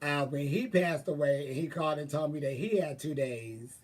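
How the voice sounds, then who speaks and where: This streamer answers his viewers in a loose, casual chat full of sass, profanity and drawled asides. He speaks at a normal speed in a fairly high male voice, picked up by a distant mic.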